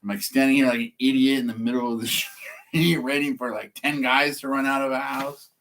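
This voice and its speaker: This process server vlogger from California speaks at medium pitch with fairly even intonation, a brisk pace, and a fairly bright tone. He meanders through a relaxed story for the camera, swearing frequently and chuckling at his own expense.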